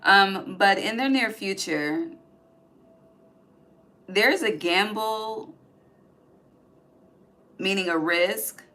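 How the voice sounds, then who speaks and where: A woman's voice: medium pitch, extremely slow, pauses often, sharp tone. A woman giving a casual tarot reading, blunt and profane, often ending her points with "okay?". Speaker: tarot reader.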